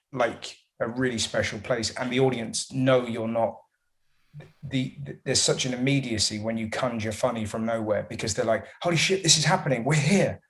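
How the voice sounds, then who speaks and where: Male comedian, mid-range voice, chatty and rambling in interview. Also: medium pitch. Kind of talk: casual interview answers.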